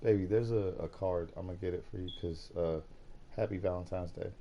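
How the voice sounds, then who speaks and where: A man streaming, chatting casually about a movie in an animated, profane way, going from quiet to loud and laughing often. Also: low voice, a little fast, a little hiss or hum. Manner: laughs often while talking. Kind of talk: casual chat.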